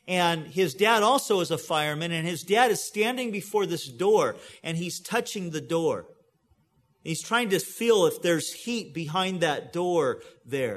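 Middle-aged pastor guy preaching, high voice, earnest, goes low n soft on the big lines. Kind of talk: sermon.

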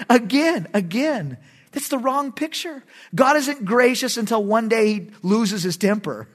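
A middle-aged man, a pastor preaching a sermon in an animated, emphatic way, with sudden loud bursts. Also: very high-pitched, measured pace.

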